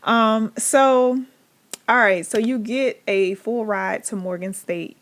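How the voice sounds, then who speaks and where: A woman's voice: on the high side, slow pace. A woman hosting a casual interview, listening closely and asking follow-up questions. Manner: attentive, with frequent affirming murmurs. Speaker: interviewer and host.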